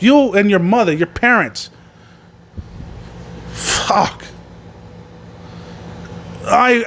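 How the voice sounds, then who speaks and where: A man with a high-pitched voice hosts a wrestling podcast. He recaps the show in a furious, profanity-laden rant. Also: a bit bright. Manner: angry, swearing constantly. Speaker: podcast host reviewing wrestling.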